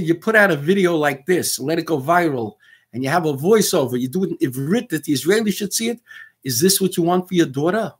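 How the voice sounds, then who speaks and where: A man hosting a radio talk show, speaking with fire, acting out dialogue in quick bursts and mixing in Hebrew and Yiddish words. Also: a little high, slightly rough. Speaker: radio host.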